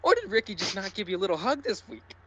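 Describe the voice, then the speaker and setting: A man co-hosting a casual sports podcast, ranting loudly, sarcastic and profane. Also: high-pitched, sing-song, fast talker, breathy edge. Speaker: podcast co-host.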